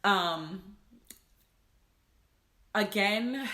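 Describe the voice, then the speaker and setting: Bright-voiced woman vlogging in an echoey room. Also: medium pitch, unhurried. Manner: emotional, laughing, fighting tears. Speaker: planner maker and content creator. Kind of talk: casual vlog talk to viewers.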